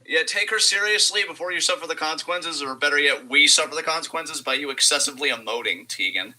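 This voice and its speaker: A man's voice: a little high, quick pace, bright, forceful tone, low-quality recording. A young man co-hosting a live wrestling reaction stream who calls the action and makes dry, sarcastic remarks. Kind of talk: casual live reaction chat.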